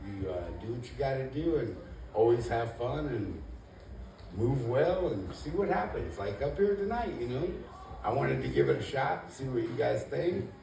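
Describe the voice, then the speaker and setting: A man's voice: medium pitch, big pitch swings, moderate pace, vocal fry, mellow. A man doing a laid-back, rambling stand-up set in a comedy club, self-deprecating and full of "you know". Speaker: first-time stand-up comedian. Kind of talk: stand-up routine. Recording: echoey club room, mic at a distance, noisy.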